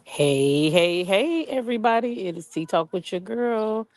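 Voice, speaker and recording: Low-voiced woman with a sniffly cold. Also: expressive, slow, a little mellow, low-quality recording. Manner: chatty, greets viewers by name. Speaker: live stream host. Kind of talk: casual live stream chat. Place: outdoors in her backyard. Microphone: phone on a selfie stick.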